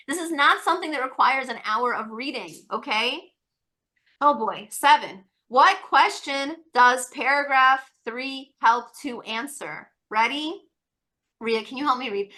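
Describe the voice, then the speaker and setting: Bright high-pitched woman tutor. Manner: encouraging, repetitive, coaxing students; rapid asides, many fillers. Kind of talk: online test-prep webinar.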